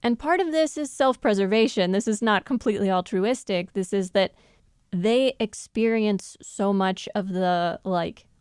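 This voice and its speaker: Smooth-voiced woman co-hosting a podcast. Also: mid-range voice, measured pace, a little mellow, dry recording, studio quality. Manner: thoughtful, laughs often while explaining. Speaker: podcast co-host. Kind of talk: casual analytical chat.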